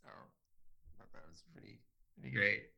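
A man's voice: fairly low pitch, lively intonation, moderate pace, creaky, pushed and bright, slightly rough, lo-fi sound. A man co-hosting a casual chat, recapping a TV episode, laughing often and restarting his sentences. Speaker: podcast co-host.

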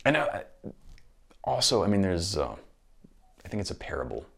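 Low gravelly guy rambling casually, lots of self-corrections. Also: big pitch swings, normal speed, a bit bright. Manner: rambling, qualifies and restarts often. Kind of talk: casual reflective monologue.

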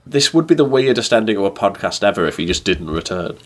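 A man's voice: fairly low pitch, sing-song, fast talker, a little hiss or hum. A man co-hosting a casual podcast, trading dry jokes and banter. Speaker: podcast co-host.

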